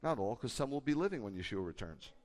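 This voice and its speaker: A man who is a rabbi, preaching a sermon emphatically and shifting between loud bursts and low confiding asides. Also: sing-song, fast. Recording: echoey hall with a long tail.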